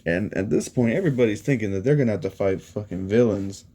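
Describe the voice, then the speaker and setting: Man, casual story retelling, rambling, low voice, warm mellow tone. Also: fast talker. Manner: rambling, heavy use of "you know" and "he's like".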